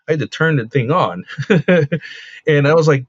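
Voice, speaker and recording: A man, a comic book creator, telling stories casually in an interview, full of fillers and quick laughs. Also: lowish voice, no echo. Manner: rambling, with many fillers like "like" and "you know". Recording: dull lo-fi dry recording.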